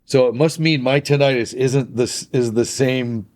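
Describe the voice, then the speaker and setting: A man's voice: medium pitch, unhurried, a little mellow. A man co-hosting a casual podcast chat, talking loosely with lots of fillers and laughs. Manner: chatty, laughs often, filler-heavy. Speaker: podcast co-host.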